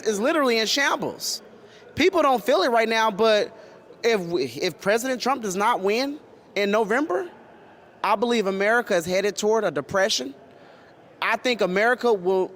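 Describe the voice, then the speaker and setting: A man's voice: high voice, a bit bright. A man from Texas being interviewed at a rally, talking passionately and often repeating himself and restarting. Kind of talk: street interview.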